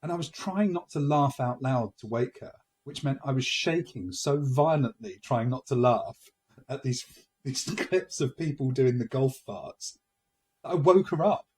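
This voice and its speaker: A man's voice: medium pitch, unhurried, a little mellow. A man in his forties co-hosting a casual comedy podcast, telling self-mocking stories and often laughing at them. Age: 40s. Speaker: podcast co-host.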